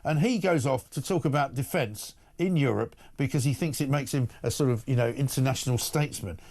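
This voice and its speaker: A male talk-show host who rattles along at a brisk clip. He reads out listener messages and passes sharp, indignant judgment on them. His voice sits at an ordinary pitch for a man. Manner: blunt, indignant, opinionated. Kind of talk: opinionated morning talk, reading listener messages.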